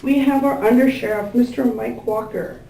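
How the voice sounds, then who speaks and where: A woman giving a thank-you speech at a gathering, introducing guests with warm, gushing words and many fillers. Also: fairly high pitch, moderate pace, creaky. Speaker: event organizer introducing staff and guests. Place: large indoor room with tables. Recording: echoey room, picked up from a distance, faint ambient noise.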